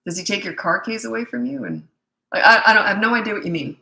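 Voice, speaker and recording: A woman's voice: medium pitch, animated, fast talker, creaky, sharp tone. A middle-aged woman, a parenting coach, bluntly and emphatically answering viewer questions in a live Q&A session. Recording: echoey room.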